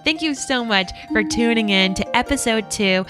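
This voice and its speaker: A woman's voice: fairly high pitch, normal speed, over music. A woman co-hosting a podcast, upbeat as she signs off the episode and asks listeners for feedback. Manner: upbeat, promotional sign-off. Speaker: podcast co-host. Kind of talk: casual podcast chat.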